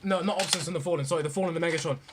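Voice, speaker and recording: A young man gushing about movies in a profane, rambling, excited rant. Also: a little high, rapid-fire, background noise. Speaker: vlogger.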